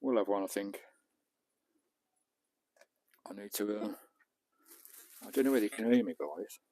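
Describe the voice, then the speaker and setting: An Englishman chatting on a casual live stream from a beach and his camper van, his voice mellow and relaxed. He talks to viewers as he potters about, with the odd casual swear. He is recorded on a small clip-on mic. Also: fairly low pitch, measured pace. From England. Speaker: vlogger. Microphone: small clip-on mic, distance varying.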